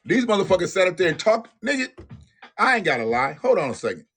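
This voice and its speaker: A man's voice: sits high, big pitch swings, quick pace, fairly bright tone, husky. A man hosting a live-stream commentary show, ranting bluntly and profanely and talking straight to his viewers. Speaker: livestream host.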